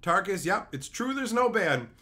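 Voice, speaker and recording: A man's voice: high-pitched, big pitch swings, moderate pace, bright, forceful tone. A man streaming live, chatting casually with his chat and ranting with repeated, profane phrases. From Canada.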